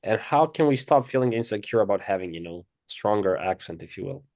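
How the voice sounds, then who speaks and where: A man's voice: lowish voice, animated, fairly quick, a little mellow, no room sound, clean studio sound. A man interviewing a guest, asking short, plain questions.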